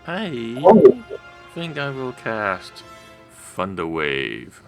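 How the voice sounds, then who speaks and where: A man playing a tabletop game, low-key and matter-of-fact, drawing his words out. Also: wildly swooping pitch, very slow, darkish tone, faint music behind. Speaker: player. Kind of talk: casual tabletop play.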